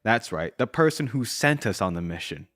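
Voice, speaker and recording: A man's voice: on the low side, lively intonation, moderate pace, fairly bright tone, no echo, clean studio sound, faint music behind. A man casually recapping a video game, rambling and breaking into his own asides. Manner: rambling, self-interrupting asides.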